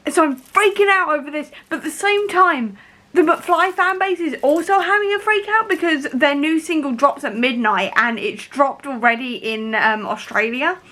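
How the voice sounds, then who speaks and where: A young woman vlogging at home about a book she is reading, talking in an excitable, rambling way with many fillers, into a camera mic. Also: high-pitched, moderate pace. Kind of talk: casual reading vlog.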